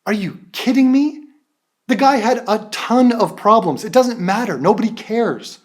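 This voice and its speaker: A man's voice: high voice, lively intonation, unhurried. A man rants through a reaction video with profanity and open mockery. He sounds exasperated throughout. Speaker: commentary channel host.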